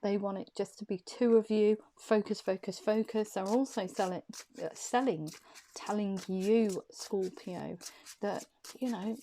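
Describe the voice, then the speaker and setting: Mellow-voiced woman reading tarot cards. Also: medium pitch, measured pace, a little hiss or hum. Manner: loose, thinking aloud, interpreting cards as she turns them. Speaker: tarot card reader. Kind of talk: intuitive tarot reading, addressing the viewer.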